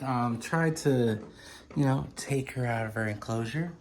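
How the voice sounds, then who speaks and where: Guy rambling to his phone cam while feeding his reptiles, mid-pitch voice, a little background hum. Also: measured pace. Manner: rambling, chatty, self-correcting. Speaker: vlogger and reptile keeper. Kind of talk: casual walkthrough vlog. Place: indoor room with reptile tanks. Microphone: handheld phone.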